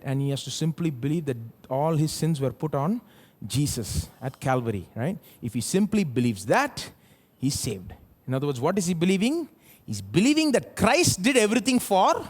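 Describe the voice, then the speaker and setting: Preaching live in church, a male pastor with an Indian English accent and a slightly high voice throws rhetorical questions at the congregation, his volume rising and falling.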